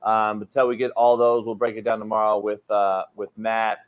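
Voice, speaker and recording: A man's voice: fairly low pitch, monotone, moderate pace, clean tone, highs cut off. Blunt, profane male sports host. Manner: blunt, profane, dismissive, argues heatedly. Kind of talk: casual sports talk debate.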